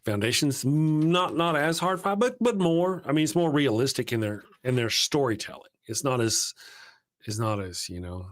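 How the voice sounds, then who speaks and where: A man chats loosely on a live stream, wandering from thought to thought and restarting sentences with an easygoing curse here and there. His voice sits at an ordinary middle pitch. The sound is close and dry, with no room around it. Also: expressive, normal speed, dry recording. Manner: rambling, self-interrupting, swears casually. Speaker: livestream host. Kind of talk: casual live-stream chat.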